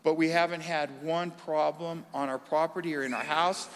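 A man with a high voice tells a church testimony with animated energy, acting out voices as he goes. His voice rings in a reverberant hall. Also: moderate pace. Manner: animated storytelling, acts out voices. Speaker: guest giving testimony.

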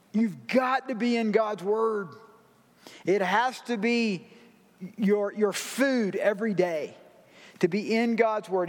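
High-voiced man preaching in a reverberant hall. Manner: preaching with slow emphatic phrasing, dropping to a hushed soft tone. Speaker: pastor. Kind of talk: sermon. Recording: long reverb of a large hall.

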